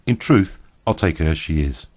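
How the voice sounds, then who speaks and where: A man's voice: rumbling low, lively intonation, a little mellow, no room sound, studio quality. A man voicing a thoughtful, wary male character in a storybook reading. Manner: thoughtful, measured.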